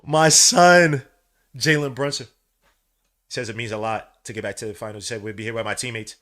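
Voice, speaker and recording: A man hosting a live sports watch-along podcast, talking in casual slang and swinging from low mutters to loud cheering. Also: a little fast. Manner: casual slang, calls listeners bro and son. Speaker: podcast host.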